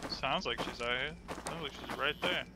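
A man's voice: mid-range voice, moderate pace, very noisy. A man playing a horror game with friends, calling out practical tips. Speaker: fellow player. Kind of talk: casual gaming chat with friends.

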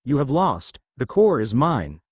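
A man voicing a cold, arrogant male android conqueror in a fan story reading, slow and proclaiming, with a lively pitch. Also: breathy edge, dry recording.

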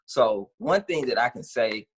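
A man's voice: medium pitch, lively intonation, measured pace, husky. A man from Gary, Indiana, co-hosting a podcast, talking casually in an easygoing, rambling way. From Gary, Indiana, USA. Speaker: podcast co-host. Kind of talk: casual chat.

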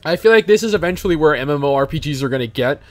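A man hosting a gameplay video, talking in casual, excitable commentary and swearing freely. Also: a little high, very fast, no echo. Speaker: gaming video host.

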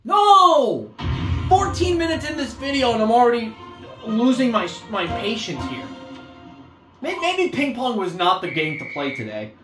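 A woman playing a video game and commenting as she goes, frustrated, swearing a lot and yelling at the game. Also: lowish voice. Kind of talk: let's-play commentary. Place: room at home while playing a motion-control console. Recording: echoey room with faint game music.

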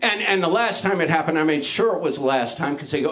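A middle-aged man works an open mic crowd with crude, rambling, self-mocking stand-up and shouts his punchlines. His voice sits high and sounds bright and forceful through a handheld stage mic in a small club. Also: fast talker, hardly any pauses. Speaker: stand-up comedian.

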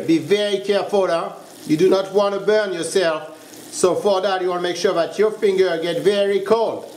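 A French pastry chef with a high-sitting voice gives a step-by-step cooking demonstration in a kitchen, checking in with "huh?" as he instructs. The room is echoey, with slight background noise.

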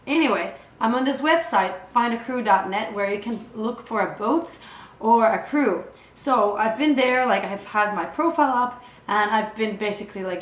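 A woman's voice: a little high, unhurried. A young woman vlogging about her travels in a casual, chatty way, peppered with filler words. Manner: chatty, many filler "like"s, acts out quoted dialogue. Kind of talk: casual chat. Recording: echoey room.

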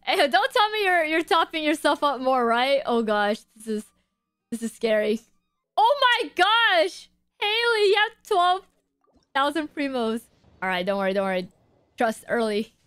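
A young woman streaming her game pulls, excitable, gasping and shrieking as she reacts to her chat. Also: high voice, a little slow, no echo, studio quality, faint music behind. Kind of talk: live-stream gacha reactions.

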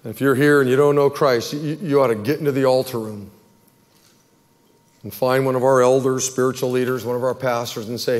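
A man preaching to his congregation in a mid-pitched voice, earnest and pleading. His words ring out with a long hall echo around them, as in a big church sanctuary. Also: steady tone, a little fast. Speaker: pastor. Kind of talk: sermon altar call and prayer.

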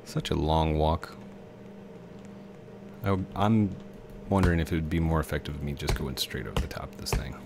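A man's voice: rumbling low, normal speed, background noise. A man in his thirties giving casual, rambling commentary as he plays a video game, chatting to the objects on screen. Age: 30s. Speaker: let's play host.

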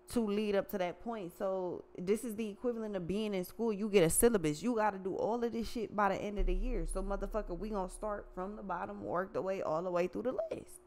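A woman's voice: medium pitch, normal speed, a little mellow. Woman, tarot reader, blunt, profane, slangy, casual reading.

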